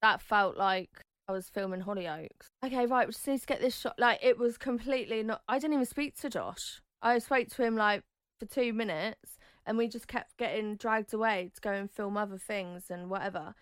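A woman in her thirties tells her story as an interview guest. She is chatty and lively, jumping into high squeals when she acts out what people said. The sound is dry and close. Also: moderate pace, smooth, no room sound.

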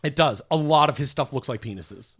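A man's voice: mid-range voice, lively intonation, a little fast, a bit bright, breathy edge. A man presenting as a guest on a casual podcast, explaining with lots of fillers and restarts. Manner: hesitant, full of fillers.

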